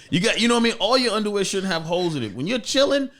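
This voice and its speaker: A man's voice: high-pitched, lively intonation, fast, a bit bright. A man hosting a podcast, chatting casually and profanely with many restarts. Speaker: podcast host. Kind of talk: casual chat.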